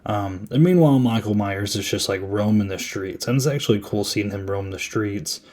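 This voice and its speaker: A man's voice: lowish voice, normal speed, darkish tone. A young man hosting a podcast, casually recapping a horror film in a rambling, amused way that corrects itself as he goes. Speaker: podcast host. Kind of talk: casual movie review recap.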